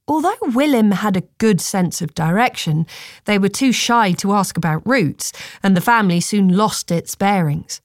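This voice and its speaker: A woman narrating a storybook in a calm, measured reading voice. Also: mid-range voice, dry recording, clean studio sound.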